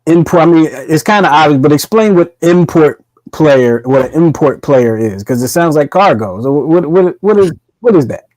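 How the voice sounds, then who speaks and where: A man hosting a podcast interview, relaxed and asking long, winding questions. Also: fairly high pitch, dry recording, rough recording. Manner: relaxed, asks drawn-out questions. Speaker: podcast host. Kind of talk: casual interview.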